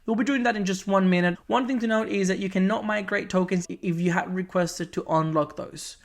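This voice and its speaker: A tutorial presenter giving a casual walkthrough of a website. They talk in a chatty way, throw in jokey asides and some swearing, and switch between quick bursts and slow, stressed words. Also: mid-range voice, gravelly.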